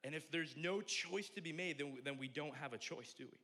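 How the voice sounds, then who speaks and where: A young man preaching a sermon as pastor, joking and animated, swinging from loud exclamations to quiet asides. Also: on the high side, fairly quick.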